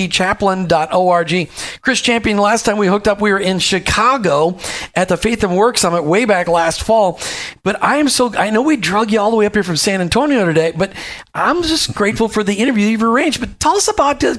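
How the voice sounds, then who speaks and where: A man's voice: sits high, animated, fast, a bit bright. A man hosting a faith-and-work podcast interview, upbeat and rambling, often correcting himself mid-sentence. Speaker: podcast host.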